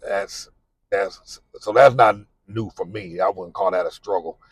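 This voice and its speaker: A man's voice: deep voice, a little slow, breathy edge, dry recording, poor audio. A middle-aged man gives candid, repetitive, plain-spoken advice about living abroad while he drives. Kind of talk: casual advice monologue while driving. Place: in a car.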